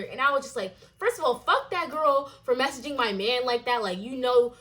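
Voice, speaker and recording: A young woman telling a storytime vlog as a casual rant, swearing and acting out quoted lines in a higher voice. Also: fast, few pauses, fairly bright tone. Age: young adult.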